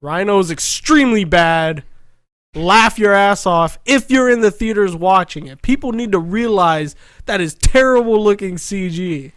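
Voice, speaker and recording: Brief: excitable male podcast co-host, high voice, dry close recording, jokey and loose. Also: normal speed, no room sound. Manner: animated, jokey, swears and laughs often. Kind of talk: casual movie review chat.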